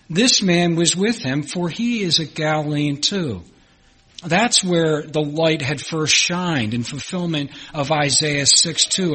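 A man's voice: a little high, a bit bright, husky, low-quality recording. A man from Philadelphia with a Philadelphia accent, preaching a sermon in an earnest way and repeating phrases for emphasis. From Philadelphia, United States.

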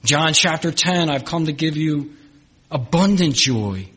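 Husky-voiced man preaching a sermon. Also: animated, unhurried. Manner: earnest preaching, swelling higher and louder on scripture, dropping soft at the close. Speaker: pastor.

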